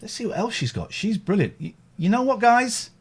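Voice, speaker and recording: Excitable male late-night host. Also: high-pitched, moderate pace, breathy edge. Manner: excitable, animated reactions. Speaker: radio show host. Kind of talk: casual late-night chat.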